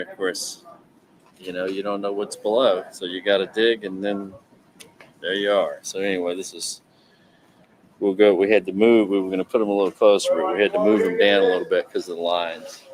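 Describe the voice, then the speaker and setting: A man's voice: low-pitched, background noise. A man outdoors in a yard, explaining the pipes and wires in a plain-spoken, matter-of-fact way. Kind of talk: casual explanation.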